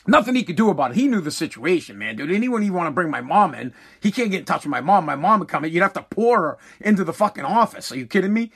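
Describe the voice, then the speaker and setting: A middle-aged man doing stand-up, telling a profane story with lively asides and acted-out quotes. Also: high-pitched, fast talker, few pauses, breathy edge. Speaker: stand-up comedian.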